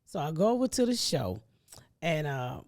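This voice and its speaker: A middle-aged woman, telling stories as a podcast host, animated and profane, laughing often. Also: low voice, normal speed. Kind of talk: casual storytelling chat.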